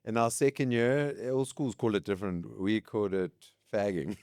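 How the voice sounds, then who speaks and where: A South African man in his late thirties, speaking with a South African English accent, joins a podcast as a guest and shares lively school stories in a relaxed chat, laughing often. His voice sits on the lower side and moves at a moderate pace. The recording is dry, with clean studio sound.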